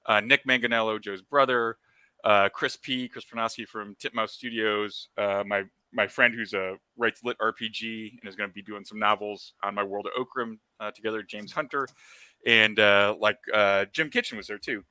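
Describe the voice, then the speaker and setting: Very bright-voiced man telling gaming stories. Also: on the low side, normal speed, smooth, no room sound. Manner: rambling, anecdotal, heavy on fillers; excitable and animated when retelling. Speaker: special guest on a gaming talk show. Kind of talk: casual storytelling chat.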